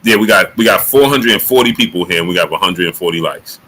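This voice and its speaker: A man hosting a casual boxing talk livestream, greeting chatters by name and jumping into high excited exclamations. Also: fast, slight background noise, poor audio. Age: adult. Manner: animated, rising to high excited exclamations when joking. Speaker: livestream host.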